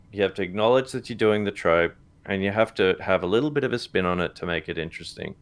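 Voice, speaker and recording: Male co-host, deep and gravelly, halting casual chatter with lots of fillers. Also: a bit bright. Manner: halting, many fillers and restarts, chuckles often. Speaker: watch-party co-host. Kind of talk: casual chat reacting to a TV episode. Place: live stream setup.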